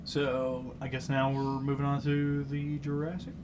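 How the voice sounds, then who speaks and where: A man co-hosting a casual podcast chat, excitable and tripping over hard names. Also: mid-range voice, unhurried, background noise. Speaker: podcast host.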